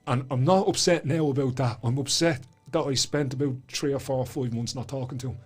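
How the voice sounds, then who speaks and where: A man's voice: mid-range voice, a little fast, breathy edge. An Irish man in his middle years, a guest on a chat podcast, telling his story with passion, swearing freely and repeating words as his feelings rise.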